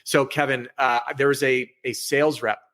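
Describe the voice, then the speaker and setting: Brief: candid, energetic man, mid-pitch, a sales trainer guesting on a podcast over a video call. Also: moderate pace. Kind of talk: casual podcast interview. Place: home office with bookshelf.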